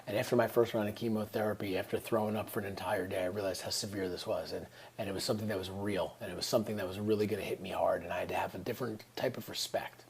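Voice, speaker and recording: A man's voice: fairly low pitch, a little mellow, husky. A man, telling a personal story in an earnest, reflective way and often dropping into whispered asides. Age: 30s. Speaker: vlogger.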